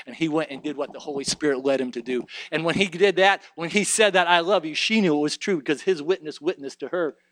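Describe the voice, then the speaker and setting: A man preaching a sermon in a church, climbing to fervent shouting and then dropping to quiet, conversational storytelling. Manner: rises to shouted fervor, then drops low and conversational. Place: church sanctuary.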